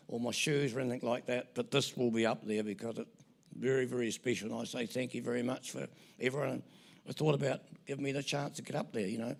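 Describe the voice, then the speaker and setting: A man's voice: mid-range voice, vocal fry, bright, forceful tone. An older man in his seventies with a New Zealand accent, giving a rambling, joking acceptance speech full of anecdotes at an awards ceremony. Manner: rambling, joking, self-interrupting. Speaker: award recipient.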